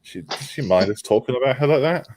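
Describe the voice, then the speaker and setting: A man's voice: mid-range voice, expressive, brisk, darkish tone. A man hosting a casual model-making livestream, chatting, laughing and reading out viewer comments. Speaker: livestream host.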